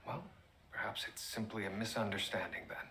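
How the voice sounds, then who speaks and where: An actor playing a polite, methodical police detective in a period TV drama who speaks in a measured, formal way. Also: male voice, lowish voice, fairly even intonation, sharp tone, a little hiss or hum.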